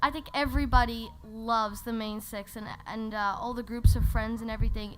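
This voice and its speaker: A woman's voice: a little high, steady tone, a little fast, a little hiss or hum, poor audio. A woman voice actor speaking at a convention panel, earnest and enthusiastic.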